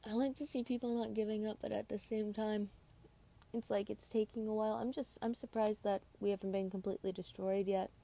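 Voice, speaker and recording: Woman, game streamer, tired, mellow warm tone, chatty, rambling. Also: medium pitch, little pitch movement, fairly quick, creaky. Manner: rambling, chatty, self-deprecating. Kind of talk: casual gameplay commentary.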